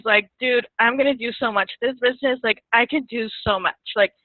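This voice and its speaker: High-voiced woman on a tinny phone line. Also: dry recording. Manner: chatty, laughs often, gets emotional. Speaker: guest distributor. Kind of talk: casual interview storytelling.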